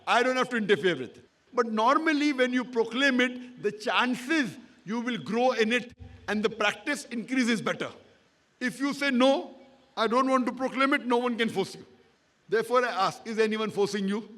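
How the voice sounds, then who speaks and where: A man's voice: extremely high pitch, moderate pace, fairly bright tone. A man lecturing in a public question-and-answer talk, emphatic and repetitive, often checking that he is understood. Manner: emphatic, repeats points, checks agreement with "correct?". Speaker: Islamic lecturer answering an audience member.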